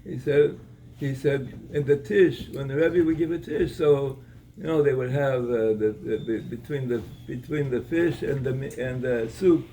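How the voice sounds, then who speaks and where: A man giving a Torah talk at an evening gathering, telling a story in a halting way, with many repeated words and restarts. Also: mid-range voice, warm tone, far from the mic, slight background noise, low-quality recording.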